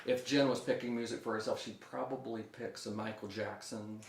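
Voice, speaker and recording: A man's voice: medium pitch, fairly even intonation, a little fast, vocal fry, a little hiss or hum. Upbeat man teaching kids music. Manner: upbeat, talks to kids, leads call-and-response. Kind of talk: children's music lesson. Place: room at home. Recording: echoey room.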